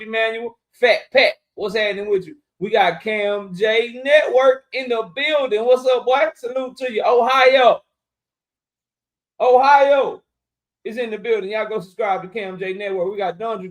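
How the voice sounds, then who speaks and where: A young man hosting a casual livestream, shouting out viewers in chat and joking around with loud, profane banter. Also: high voice. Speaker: livestream host.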